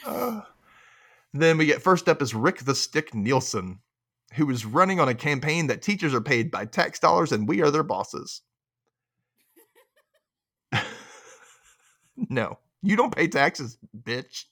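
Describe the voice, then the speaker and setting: A man's voice: on the high side, expressive, takes it slowly, pauses often, bright, forceful tone. A man hosting a casual recap podcast, a little tipsy, swearing freely and laughing often. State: tipsy from drinking. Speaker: podcast host.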